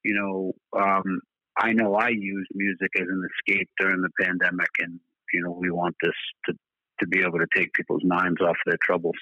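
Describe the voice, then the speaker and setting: A man's voice: deep voice, little pitch movement, normal speed, bright, forceful tone, dry recording. A laid-back man with a thick Boston accent tells stories and swears casually through the conversation. His voice comes through a dry, tinny phone line. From Boston, USA. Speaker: band musician guest.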